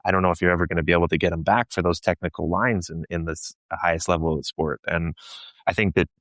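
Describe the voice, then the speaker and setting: A man's voice: low-pitched, steady tone, quick pace, fairly bright tone, no room sound. A man from Canada, a show jumping guest, talking reflectively in a casual podcast chat with frequent restarts. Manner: reflective, many restarts and fillers.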